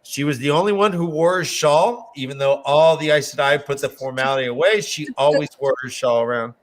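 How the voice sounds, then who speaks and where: A man's voice: on the high side, fairly quick. Joking man recapping a book. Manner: joking, rambling, swears casually. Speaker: podcast host summarizing chapters. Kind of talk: casual book discussion.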